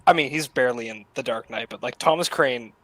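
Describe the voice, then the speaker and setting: A young man in a casual film discussion who speaks excitably and swears freely. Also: medium pitch, fairly quick, no echo, low-quality recording. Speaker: podcast guest or co-host.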